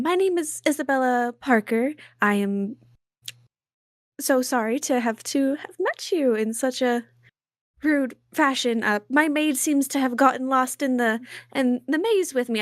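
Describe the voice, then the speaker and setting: A woman's voice: on the high side, normal speed, no echo, clean studio sound, natural voice. A woman voicing a polite, hesitant young debutante who stammers through her words. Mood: flustered.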